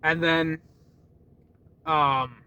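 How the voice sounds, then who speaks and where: A man's voice: a little high, fairly even intonation, drawn-out words, pushed and bright, clean tone. A young man rambling in a casual vlog, laughing often, swearing freely and restarting his sentences. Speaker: vlogger.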